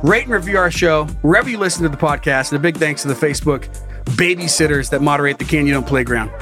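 A man's voice: on the high side, fast talker, faint music behind. A man hosting a podcast, telling a story dramatically with swearing and laughs, in a casual chat style. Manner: animated, swearing, laughing at his own story. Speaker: podcast host.

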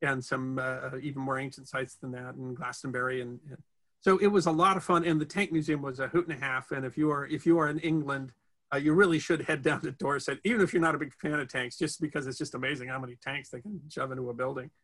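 A brisk man with a bright, forceful voice, chatting as an interview guest. He tells stories in quick bursts and circles back with restarts and fillers. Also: mid-range voice, fairly even intonation. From United States. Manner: rambling storyteller with many restarts and fillers. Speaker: interview guest, history storyteller. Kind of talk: casual interview chat.

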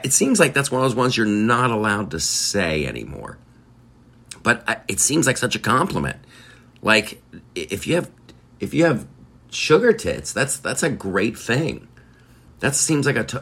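A man's voice: mid-range voice, sing-song, normal speed, creaky, pushed and bright, slightly rough. A man hosting his podcast in a rambling, joking, chatty way. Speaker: podcast host. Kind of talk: casual chat.

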